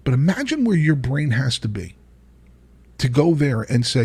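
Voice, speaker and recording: A man hosting his own podcast, talking alone in an animated, exasperated way, often restarting his sentences and laughing between points. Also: mid-range voice, moderate pace, husky. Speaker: podcast host. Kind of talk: solo commentary monologue.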